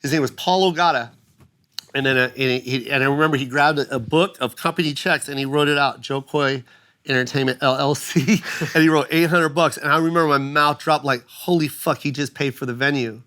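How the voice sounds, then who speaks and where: A middle-aged man on a casual podcast, telling a story with animated energy and acting out other people's lines in loud, high voices. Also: a little fast, smooth. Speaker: guest comedian.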